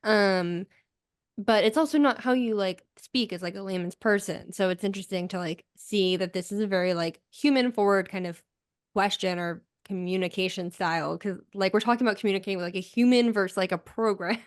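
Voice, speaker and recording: A woman's voice: mid-range voice, fairly quick, no echo, studio quality. A woman co-hosting a marketing roundtable, talking casually with lots of filler words. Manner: chatty, many filler "like"s. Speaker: host. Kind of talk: casual chat.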